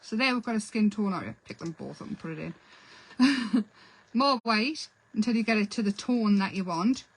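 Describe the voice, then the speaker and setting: A woman's voice: mid-range voice, animated, normal speed, breathy edge, poor audio. A woman hosting a casual painting tutorial, chatty and self-deprecating as she explains while she works. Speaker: craft channel host.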